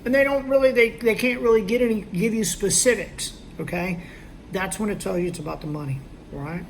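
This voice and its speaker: Sales trainer, male, gravelly, conversational, faint background hiss. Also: high-pitched, fairly quick. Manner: conversational, checks in with "okay?" and "all right?"; acts out both sides of sales dialogue. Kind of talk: instructional talk.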